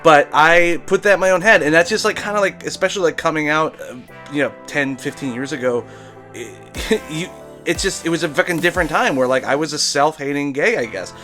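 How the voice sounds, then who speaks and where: Bright, animated Brooklyn comedian man. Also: on the high side, fairly quick, faint music behind. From Brooklyn, New York. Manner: profane, rambling, animated. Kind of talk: casual storytelling monologue.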